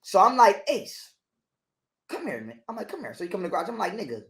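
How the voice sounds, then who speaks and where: A man's voice: sits high, fast talker. Profane man telling a wild story. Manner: animated retelling that acts out other people's lines. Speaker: interview guest. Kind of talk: profane storytelling in casual conversation.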